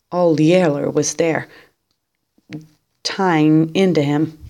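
Woman reading a novel aloud, low voice, very slow pace, steady storytelling. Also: vocal fry. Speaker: reader.

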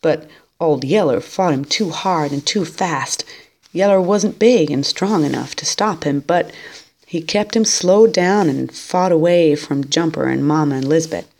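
A woman reading a novel aloud in a steady, unhurried storytelling manner. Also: low-pitched. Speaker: reader.

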